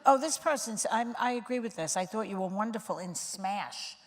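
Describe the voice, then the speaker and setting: A woman's voice: medium pitch, lively intonation. Teasing woman interviewer in a hall. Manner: teasing, quick interjections, reads audience questions. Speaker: talk host interviewer. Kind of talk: casual interview chat.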